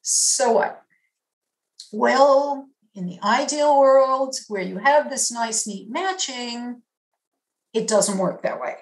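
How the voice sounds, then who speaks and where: A woman with a New York accent delivers an academic lecture, explaining each point in a measured way and stressing key terms. Her voice sits a little high, and she speaks slowly. The sound carries a noticeable room echo.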